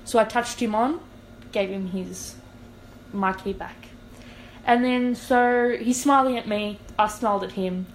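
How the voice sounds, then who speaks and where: Young aussie woman chatting on a podcast, lively storyteller, bit of faint hiss behind her. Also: medium pitch, a little slow, poor audio. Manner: animated, acts out quoted dialogue. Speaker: podcast co-host. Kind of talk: casual storytelling chat.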